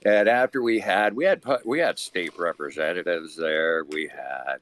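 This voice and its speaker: A man from Hawaii, a protest organizer, telling stories in an animated, casual way on a video call. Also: low-pitched, moderate pace, a little hiss or hum. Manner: animated storyteller, chants loudly when retelling. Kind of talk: casual livestream chat.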